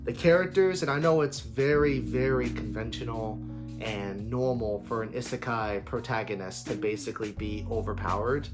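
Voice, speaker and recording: A man giving a casual opinion rant about an anime, animated and swearing freely, with playful mimicked voices. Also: mid-range voice, normal speed, music in the background. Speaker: anime commentary vlogger.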